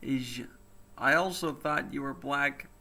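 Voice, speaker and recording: A man's voice: medium pitch, slow, bright, forceful tone. A man in a casual livestream chat who makes blunt, teasing remarks.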